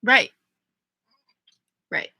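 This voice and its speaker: A woman's voice: extremely slow, sharp tone. A woman co-hosting a comedy podcast, reading out definitions in a dry, matter-of-fact way. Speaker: podcast co-host. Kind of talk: casual chat, reading definitions.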